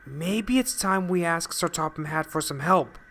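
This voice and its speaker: A man's voice: on the high side, unhurried. A man doing a concerned engine fireman. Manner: gently suggesting.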